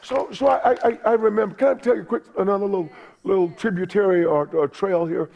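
A middle-aged man preaching a sermon in a high, gravelly voice. He is an excitable pastor who climbs into loud, emphatic delivery and often repeats himself. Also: a little fast, highs cut off, a faint crowd.

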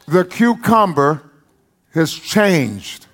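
Animated East Texas preacher man. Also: on the high side, measured pace. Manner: animated preaching with folksy humor and repetitions. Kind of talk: sermon.

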